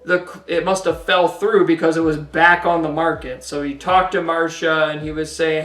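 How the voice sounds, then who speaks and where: A man's voice: on the high side, normal speed, hardly any pauses, far from the mic. Man telling a story, roomy room. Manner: relaxed storytelling, many "you know" fillers. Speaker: co-host, husband. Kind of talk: casual podcast-style testimony. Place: home.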